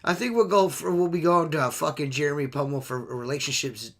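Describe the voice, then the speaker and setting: A man's voice: on the high side, brisk, a crowd in the background. A man co-hosting a podcast, teasing and swearing a lot in crude casual banter. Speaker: podcast co-host.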